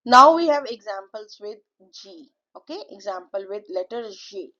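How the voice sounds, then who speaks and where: A woman teaching French pronunciation in a slow lesson, repeating each word with drawn-out model pronunciations. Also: mid-range voice, expressive, pushed and bright, dull audio.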